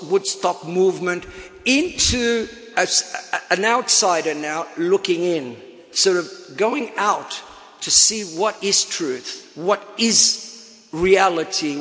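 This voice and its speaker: An older man shares his personal testimony in an animated, storytelling way, dropping in humorous asides. His voice sits fairly high, and a long hall reverb trails behind each phrase. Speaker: speaker giving testimony. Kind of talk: personal testimony talk to an audience.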